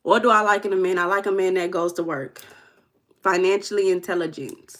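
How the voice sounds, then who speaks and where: A woman's voice: fairly low pitch, steady tone, fairly quick, fairly bright tone. Chatty Midwestern woman hosting a livestream. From Midwest, United States. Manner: chatty, playful, teasing, calls out names from the chat. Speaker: live stream host. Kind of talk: casual livestream chat, reading the chat aloud. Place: home room.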